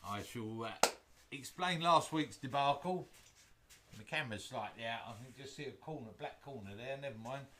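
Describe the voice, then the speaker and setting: At a moderate pace and medium pitch, a man chats loosely with viewers of his woodturning livestream, joking and wandering off topic. Background noise fills his home workshop.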